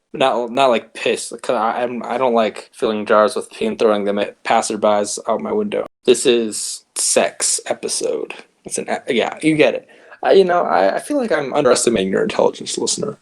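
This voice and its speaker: A young man hosting a comedy podcast, rambling and cutting himself off, with deadpan jokes. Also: medium pitch, creaky. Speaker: podcast host.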